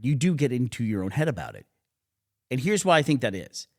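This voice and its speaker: Animated man chatting on a podcast. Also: mid-range voice, brisk. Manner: animated storytelling, laughing often, mocking voices for quotes. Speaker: podcast co-host. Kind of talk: casual chat.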